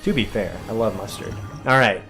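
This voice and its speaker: A man's voice: fairly low pitch, normal speed, faint music behind. A young man giving rambling, jokey commentary while playing a game, acting out what his friends say. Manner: chatty, animated, jokey, acts out quoted friends. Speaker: streamer and let's-play host.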